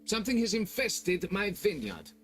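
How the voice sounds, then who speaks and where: A man's voice: high-pitched, big pitch swings, normal speed, fairly bright tone, faint music behind. An actor playing a pompous, condescending nobleman in a video game, fussy and demanding. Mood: haughty. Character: pompous middle-aged nobleman, haughty and demanding. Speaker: vineyard owner hiring a monster hunter.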